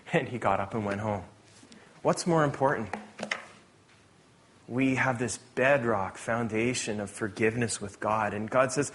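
A man preaching a sermon in a conversational, animated way, correcting himself with quick asides. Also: mid-range voice, a little hiss or hum. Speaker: pastor.

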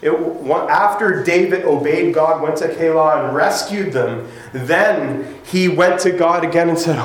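In an echoey church, a man preaches a sermon in a conversational way, voicing the people he quotes. His voice leans high and his pace is measured, with barely any pauses, and faint ambience fills the room.

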